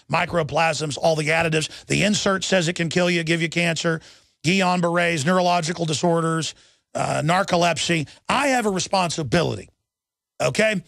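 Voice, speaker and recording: A man with a gravelly, fry-laden voice pitched a little high holds forth on talk radio. He rambles urgently and restarts his sentences as the story runs on. The studio sound is dry and close. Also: fairly bright tone, no echo. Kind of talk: impassioned talk radio monologue.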